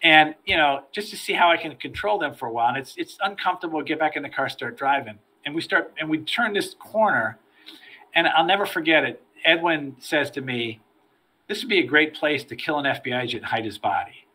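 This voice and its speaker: A middle-aged man, a former federal agent, telling stories from his career as a podcast guest, animated and repeating words as he starts his sentences. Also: on the high side, fairly quick. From United States. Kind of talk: storytelling in a podcast interview.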